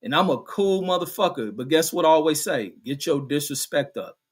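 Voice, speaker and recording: A man's voice: on the high side, expressive, brisk, husky. A middle-aged man hosting a live stream, reading viewer comments aloud and answering them in an angry, profane rant. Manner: angry, combative, reads viewer comments aloud then fires back; heavy cursing, slangy street talk. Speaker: show host reading chat comments.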